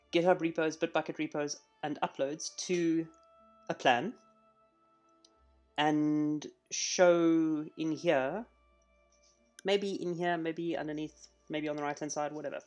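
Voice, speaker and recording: A man streaming a live coding session, chatting casually and thinking out loud as he works. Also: fairly high pitch.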